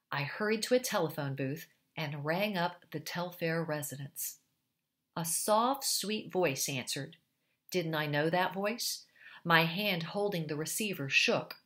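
A woman reading a short story aloud in a measured, scripted narration. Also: sits low, a bit bright. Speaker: audiobook reader.

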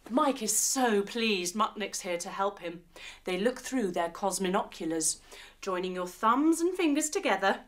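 A woman leading a kids' yoga session as a storyteller, playful, with sound effects and animal noises. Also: high-pitched. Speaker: kids yoga teacher and storyteller.

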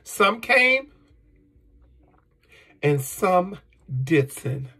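A man in an emotional personal monologue, blunt, profane and emphatic, with a husky voice. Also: high-pitched, big pitch swings, extremely slow, bright, forceful tone. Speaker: vlogger.

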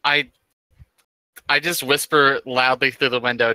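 Bright, crisp, halting young man. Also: medium pitch, little pitch movement, dry recording. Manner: halting, swears casually. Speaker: player. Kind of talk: casual tabletop banter.

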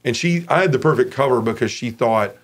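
A man's voice: medium pitch, expressive, a little fast. A man in his forties from Memphis, giving a frank, casual personal testimony as an interview guest.

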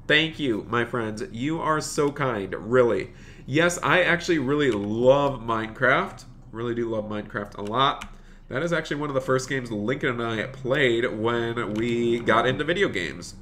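Young male streamer, bright and forceful, excitable and effusive with viewers, light keyboard noise behind. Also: mid-range voice, unhurried. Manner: excitable, gushing thanks to donors. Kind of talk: live game stream commentary.

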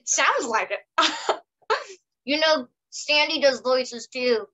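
A woman's voice: sits high, takes it slowly, bright, forceful tone, low-quality recording. A woman co-hosting a podcast who asks the guest questions in a playful, giggly way. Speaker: podcast co-host. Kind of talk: casual podcast interviewing.

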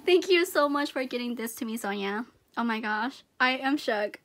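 A young woman vlogging an unboxing, gushing with excitement and breaking into squeals. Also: on the high side, moderate pace. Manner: gushing, excited, repeats "oh my gosh". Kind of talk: unboxing vlog chat.

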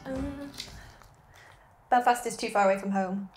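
A woman's voice: fairly high pitch, measured pace, roomy sound, faint music behind. A young woman from Lancaster, a history and politics student, chatting easily and laughing often. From Lancaster, England. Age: young adult. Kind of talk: casual group chat.

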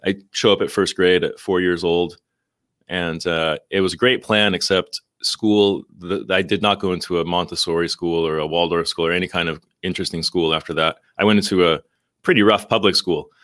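Male podcast guest, deep and dry, thoughtful with lots of restarts. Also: fairly even intonation, brisk, fairly bright tone, no echo. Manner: reflective, with many restarts and fillers. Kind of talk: casual podcast conversation.

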